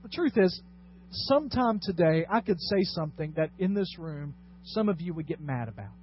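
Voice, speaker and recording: Guy pastor preaching, highish voice, goes soft then booming, kinda dull lo-fi sound w/ faint hiss. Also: lively intonation, moderate pace. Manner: dramatic swings between quiet and loud delivery. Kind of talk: sermon. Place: church sanctuary.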